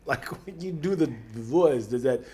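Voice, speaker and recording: A young man co-hosting a casual podcast, his voice sitting a little high and swinging widely in pitch as he tells a story. He talks in a loose, animated way and now and then drops into playful mock voices. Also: slow. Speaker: podcast co-host. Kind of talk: casual chat.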